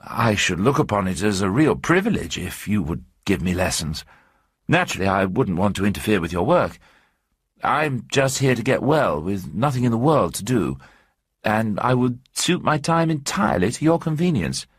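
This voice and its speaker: A man voicing a polite English writer who speaks in a deliberately modest, courteous way. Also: lowish voice, sing-song, husky, no room sound, studio quality.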